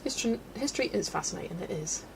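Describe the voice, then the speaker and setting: Woman streamer, gravelly voice, rambling casual chat, faint background noise. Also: mid-range voice, expressive, fast. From United Kingdom. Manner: chatty, rambling, laughs often, reads chat aloud. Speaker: livestream host reading chat. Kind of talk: casual chat while colouring.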